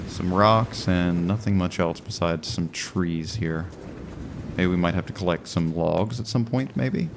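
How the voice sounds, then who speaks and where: Man, deep voice, let's-play commentary, rambling, musing. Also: creaky, a little hiss or hum. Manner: rambling and musing, often restarts. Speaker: gaming commentator.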